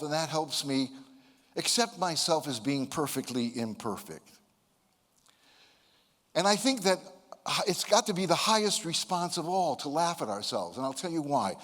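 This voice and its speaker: Older male speaker, slightly high voice, playful self-mocking storyteller, long hall reverb. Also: a bit bright. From United States (Connecticut). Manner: playful, self-deprecating, humorous. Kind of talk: motivational talk with storytelling.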